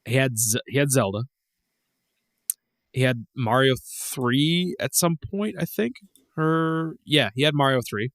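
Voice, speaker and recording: A man's voice: medium pitch, unhurried, fairly bright tone, dry recording, studio quality. A man co-hosting a podcast in casual chat, rambling with restarts, laughing and swearing as he tells old memories. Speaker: podcast co-host.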